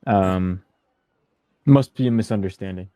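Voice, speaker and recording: A man playing in a tabletop game, answering in character in a hesitant way, with fillers and pauses. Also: low voice, mellow, no echo. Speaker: player. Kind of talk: casual in-character chat.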